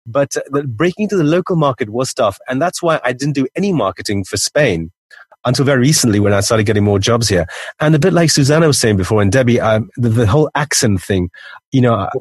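A man's voice: mid-range voice, expressive, quick pace, husky, no room sound. A man who works as a voiceover artist, speaking with a neutral, international English accent, chatting candidly with many restarts. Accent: international English, mixed. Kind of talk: casual panel talk.

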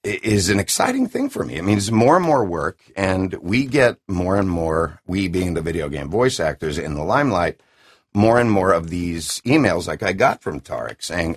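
A middle-aged man with a deep classic announcer voice, a video game voice actor chatting enthusiastically and rambling in an interview. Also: very animated, moderate pace, breathy edge. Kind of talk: casual interview chat.

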